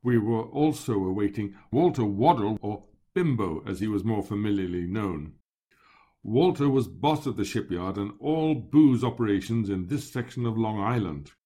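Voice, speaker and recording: A man narrating a first-person memoir in a measured, descriptive storytelling manner. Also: fairly low pitch, animated, warm tone, breathy edge.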